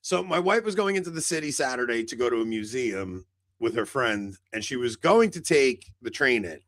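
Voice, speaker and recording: A man's voice: medium pitch, expressive, moderate pace, a bit bright, no echo. A man co-hosting a podcast in casual chat, telling a long rambling story full of "like" fillers and acted-out dialogue. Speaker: podcast co-host.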